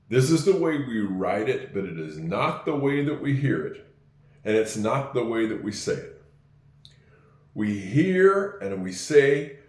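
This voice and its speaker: Slow, patient male English teacher. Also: mid-range voice, big pitch swings, roomy sound. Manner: slow, patient, repeats phrases for learners. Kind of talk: spoken English lesson.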